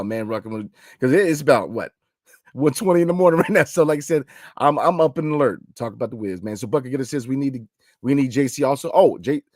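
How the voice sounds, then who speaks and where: A man hosting a late-night sports podcast, his pitch leaping up and down as he talks. He speaks in a loose, animated way, with slang and a lot of "like I said". The sound is close and dry, with no room around it. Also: dry recording. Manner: animated, talks through slang and repeated fillers. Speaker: podcast host.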